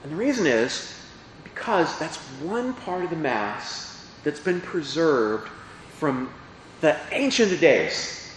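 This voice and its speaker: A man's voice: a little high, big pitch swings, slow, very echoey, in a large hall, slight background noise, rough recording. A man who is a priest, explaining parts of the Mass in a chatty teaching talk and often asking his listeners questions. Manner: chatty, asks the audience questions.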